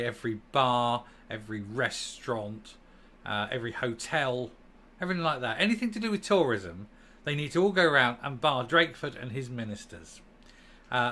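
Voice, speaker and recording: A man's voice: medium pitch, pushed and bright. A man from England hosting a political opinion vlog, ranting emphatically with a sarcastic edge. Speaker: channel host.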